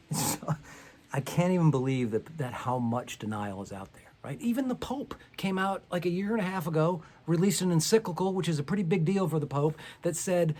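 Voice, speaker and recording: A middle-aged man performs stand-up alone on his back porch, talking straight to a camera. He rants in a sarcastic, profane style. His voice sits a little high for a man. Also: animated, fairly quick, slight background noise. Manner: sarcastic, ranting, profane, rising to loud outbursts. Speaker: stand-up comedian. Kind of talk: stand-up set without audience.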